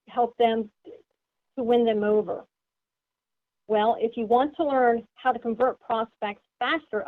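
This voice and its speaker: A woman giving an instructional sales seminar, explaining step by step and putting questions to her listeners. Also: on the high side. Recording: tinny phone-like sound.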